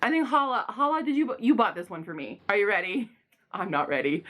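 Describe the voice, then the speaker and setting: A young woman giving quick, rambling book reviews in a casual vlog, excitable and gushing, with loud outbursts. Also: medium pitch.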